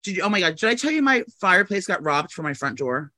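A man co-hosts a podcast in loose, casual chat. His voice sits a little high for a man, and he rambles through stories with frequent fillers, restarts and casual swearing. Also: big pitch swings, quick pace, sharp tone. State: out of breath. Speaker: podcast co-host. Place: New York apartment.

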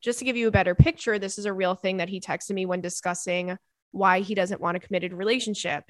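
A woman's voice: mid-range voice, steady tone, fast, no echo, studio quality. A woman in her thirties hosting a podcast, reading listener emails in a casual chat full of laughing tangents and swearing.

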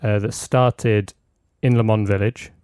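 A man's voice: fairly low pitch, fairly even intonation, unhurried, darkish tone, smooth, dry recording, studio quality. A man co-hosting a casual podcast, recounting history with hesitant, filler-heavy storytelling. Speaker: podcast co-host.

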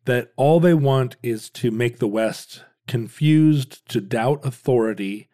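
A man's voice: mid-range voice, slow pace, dark tone. A man co-hosting a casual chat, joking and trading wry, mock-serious quips.

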